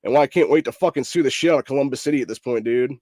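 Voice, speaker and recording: A man's voice: medium pitch, racing, dark tone, dry recording. Angry swearing man ranting. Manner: angry, profane, repeats "dude". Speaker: political commentary host. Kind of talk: ranting commentary over news clips.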